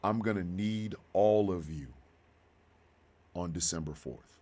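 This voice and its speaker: Low-voiced man, heartfelt. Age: 50s. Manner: heartfelt, slow and halting, then bursts of loud excitement. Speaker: radio show host. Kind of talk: emotional monologue.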